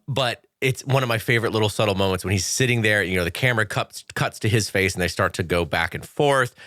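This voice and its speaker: A man talking as a guest on a casual film podcast, animated and profane, laughing often. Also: fairly low pitch, dry recording, studio quality.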